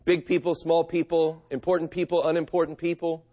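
A man's voice: on the high side, little pitch movement, brisk, warm tone. A middle-aged man preaching a sermon, reading scripture and telling stories in an earnest, conversational way. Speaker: pastor.

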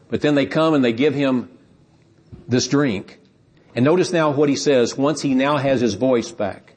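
Husky-voiced male preacher. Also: mid-range voice, darkish tone. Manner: earnest, explanatory, with repeated words and emphatic build-ups. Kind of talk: sermon.

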